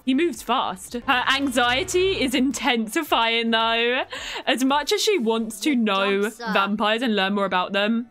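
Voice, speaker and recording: A young woman giving casual, chatty commentary over a life-sim game, quick to exclaim and get exasperated. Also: on the high side, fairly bright tone. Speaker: gaming YouTuber.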